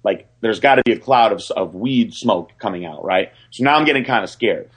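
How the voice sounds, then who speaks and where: A man casually telling a story in animated, profane fashion. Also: lowish voice, fairly quick, husky.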